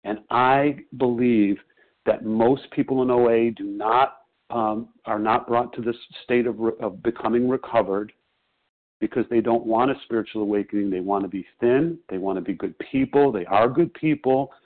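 A man's voice: mid-range voice, normal speed. A man sharing at a twelve-step phone meeting, talking with emphatic, repetitive conviction. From Chicago. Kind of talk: personal share on a phone meeting. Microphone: phone call. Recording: tinny phone line.

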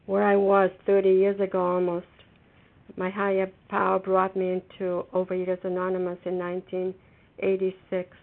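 A middle-aged woman sharing at a twelve-step phone meeting, earnest and halting, with many restarts. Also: lowish voice, vocal fry. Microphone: telephone. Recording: phone line.

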